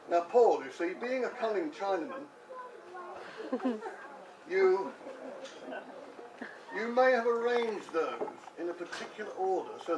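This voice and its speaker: A man of older years runs a comic magic routine, guiding a volunteer step by step and laughing at his own jokes. His voice sits high for a man. The sound is distant and roomy, with steady noise underneath. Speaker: amateur magician performing tricks. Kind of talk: comic magic-show patter. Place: room with a live audience. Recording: echoey room, distant mic, background noise.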